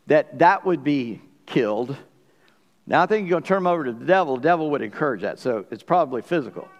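A man preaching a sermon as pastor, in a conversational, folksy way with asides to the congregation. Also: on the high side. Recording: long hall reverb.

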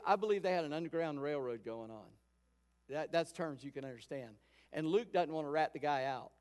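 Man preaching casually in a reverberant hall. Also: a little high. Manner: conversational storytelling, acting out quotes. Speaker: pastor. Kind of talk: sermon.

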